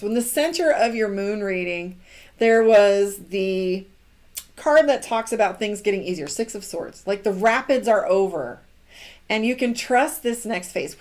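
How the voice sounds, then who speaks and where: A woman's voice: a little high, darkish tone. A middle-aged woman giving a casual live tarot reading, chatty and encouraging. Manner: chatty and encouraging, acts out quoted lines. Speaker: tarot reader.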